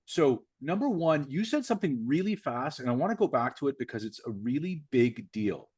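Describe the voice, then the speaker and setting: A man hosting a podcast interview, speaking emphatically and slowing down to stress his points. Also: mid-range voice, very animated, darkish tone, breathy edge, dry recording, clean studio sound. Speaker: podcast host.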